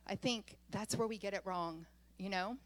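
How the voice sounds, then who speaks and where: Speaking at medium pitch and an ordinary speed, a woman pastor preaches by recounting a personal story with energy. Laughter slips in often as she tells it.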